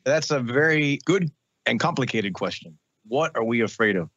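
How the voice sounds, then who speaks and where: A man who is a radio and podcast host, talking casually in an interview and telling animated stories. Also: mid-range voice, moderate pace, no echo, highs cut off. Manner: animated storytelling, mimics relatives.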